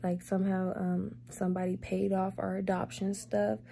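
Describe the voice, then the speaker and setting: A young woman vlogging in a casual chat, doting and talking baby talk to her cat, sometimes drifting into soft whispers. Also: medium pitch, completely flat delivery, normal speed, gravelly, a little hiss or hum.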